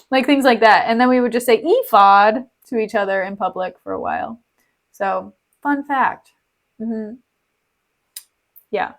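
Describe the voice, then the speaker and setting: A woman streamer chatting playfully as she reads a play aloud, retelling scenes in slang. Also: fairly high pitch. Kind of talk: casual chat and read-aloud.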